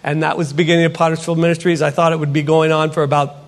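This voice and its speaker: Animated man telling his testimony, high-pitched. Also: racing. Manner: animated storyteller who acts out dialogue. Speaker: potter and ministry speaker. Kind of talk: testimony sermon.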